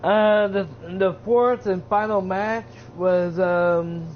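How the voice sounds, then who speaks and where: A man's voice: sits high, fairly even intonation, takes it slowly. A man who streams, giving a casual, rambling recap of a wrestling show. He uses lots of fillers and restarts his sentences. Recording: dull lo-fi with faint hiss.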